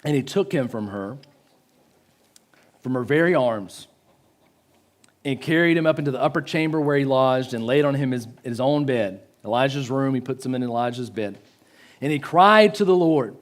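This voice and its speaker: A man giving a sermon in a church, swinging from loud pleading to hushed, slow emphasis. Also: medium pitch. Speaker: pastor.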